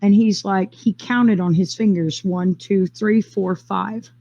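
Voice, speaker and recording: A woman telling her own story in a casual, rambling way, with quick bursts, fillers and restarts. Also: medium pitch, fairly even intonation, vocal fry, mellow, highs cut off. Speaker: interviewee sharing a personal experience. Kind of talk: casual first-person storytelling.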